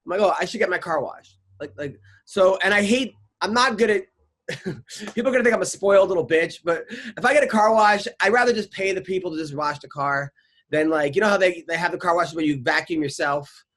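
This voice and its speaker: A middle-aged man hosts a podcast in loose, casual chat, his voice sitting notably high for a man. He rambles through his stories, stammering and restarting, and swears freely along the way. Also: brisk, a bit bright. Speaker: podcast host.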